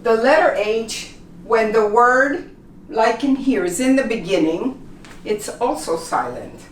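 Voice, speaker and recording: A woman teaching an English pronunciation lesson, patiently saying example words slowly and repeating them. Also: a little high, expressive, slight background noise. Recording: echoey room, mic at a distance.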